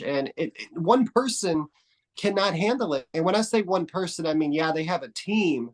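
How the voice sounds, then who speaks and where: A man's voice: a little high, expressive, normal speed. A man from Texas, a podcast guest in a casual conversation who tells meandering stories with frequent restarts and casual swearing. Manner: rambling storyteller, restarts and trails off often.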